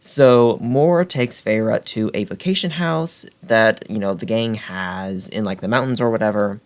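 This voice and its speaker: A man's voice: fairly low pitch, a little slow. A man recapping a book in a casual vlog, chatty and full of fillers, often laughing. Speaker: book reviewer.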